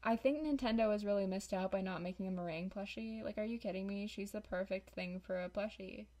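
A woman's voice: mid-range voice, fairly quick, dark tone. A woman giving casual, dramatic and sarcastic commentary over a game, close on a desk microphone. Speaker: YouTuber.

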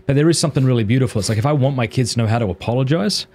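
A man's voice: mid-range voice, very fast, darkish tone. A man hosting a podcast, talking earnestly and confessionally as a father, with small acted quotes of others. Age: adult father of children. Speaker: podcast host. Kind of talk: casual podcast conversation.

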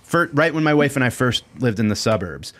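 A man's voice: medium pitch, lively intonation, fairly quick, fairly bright tone. Self-deprecating male comedian guest. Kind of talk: comedic storytelling chat.

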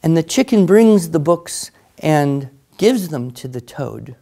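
A man's voice: on the high side, very animated, slow, creaky, few pauses, warm tone. A man telling a long, silly joke with dry, wry asides along the way. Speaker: monthly joke teller.

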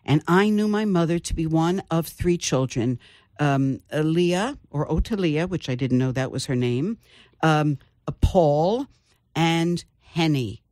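An older woman, an author, telling her family story in an interview with thoughtful pauses. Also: sits low, animated, darkish tone, dry recording, clean studio sound. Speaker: author guest. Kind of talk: interview conversation.

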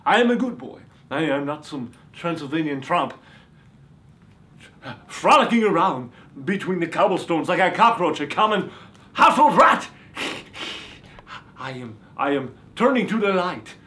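A man's voice: on the high side, big pitch swings, unhurried, full character voice. A man voicing a campy male vampire who calls himself a reformed beach boy, speaking in a hammy, theatrical manner. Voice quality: theatrical, sudden shouts. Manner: hammy, boastful. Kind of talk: comedy sketch.

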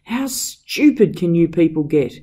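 A man's voice: on the high side, big pitch swings, unhurried, dark tone, breathy edge, voice pushed up, exaggerated voice. A man voicing an irritable young rich master who scolds his servant angrily. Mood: angry. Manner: angry, scolding.

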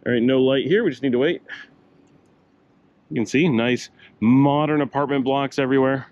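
This older man is a travel vlogger strolling outdoors through the city, narrating his tour in a rambling, chatty way with slightly heavy breathing and a small cough. His voice sits mid-range, somewhat mellow, at a moderate pace. The audio is muffled, with a little hiss or hum.

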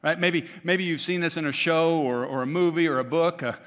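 A man's voice: fairly high pitch, fairly even intonation, brisk, fairly bright tone. A man preaching a conversational sermon, with frequent restarts and asides to the congregation. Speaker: pastor. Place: church sanctuary. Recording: long church reverb.

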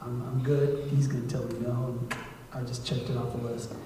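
A man preaching as a guest missionary in a church sermon, conversational, acting out prayers and dialogue, moving from hushed asides to loud appeals. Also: mid-range voice, little pitch movement, moderate pace, a little hiss or hum. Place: church sanctuary. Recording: echoey church hall, mic at a distance.

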